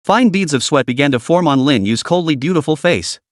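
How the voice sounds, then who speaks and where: A man's voice: on the high side, animated, brisk, dry recording, studio quality. A man narrating a scripted story in a dramatic recap reading.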